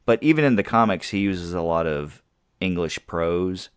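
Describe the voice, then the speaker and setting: A man's voice: low-pitched, lively intonation, a little slow, clean tone, no room sound. A man co-hosting a podcast, chatting casually about films and laughing easily. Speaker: podcast co-host. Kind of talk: casual movie review chat.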